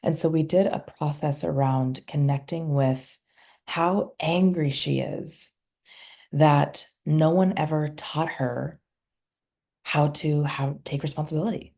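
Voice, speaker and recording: A woman's voice: deep voice, gravelly, dark tone. A woman, a somatic healer guest on a podcast, recounting client sessions in casual conversation and acting out the dialogue.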